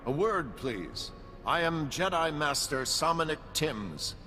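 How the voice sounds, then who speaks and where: A dignified Jedi Master from a video game who speaks with calm, formal composure. His tone is bright and his pitch moves freely. The voice carries a long reverb. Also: slow, a little hiss or hum, exaggerated voice.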